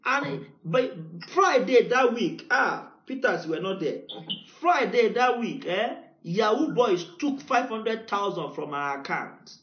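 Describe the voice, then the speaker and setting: High-pitched Nigerian preacher in an echoey hall. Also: male voice, big pitch swings, unhurried. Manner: storytelling, rising to shouted decrees. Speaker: pastor. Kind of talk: sermon. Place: church hall. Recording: echoey, dull church recording.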